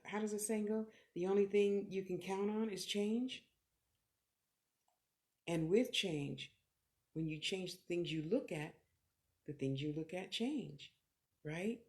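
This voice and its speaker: A woman's voice: mid-range voice, slow, pauses often, a little mellow. A middle-aged woman, a clairvoyant medium on a live stream, talking candidly and swearing freely in short reflective bursts while answering viewers. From California. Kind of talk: live-streamed motivational talk and readings.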